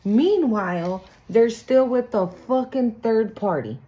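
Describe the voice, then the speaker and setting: A woman's voice: fairly high pitch, slow pace, dark tone, muffled recording. A woman doing a casual spiritual tarot reading, blunt and profane, acting out the people she talks about. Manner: blunt, profane, acts out quoted people in sing-song voices. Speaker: tarot reader.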